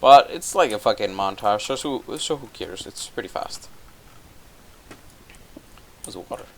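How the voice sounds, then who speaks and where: Casual, swearing young man, lowish voice. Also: lively intonation, unhurried, slight background noise. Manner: profane, offhand, hesitant with many fillers. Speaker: gameplay commentator. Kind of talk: casual rambling plot retelling.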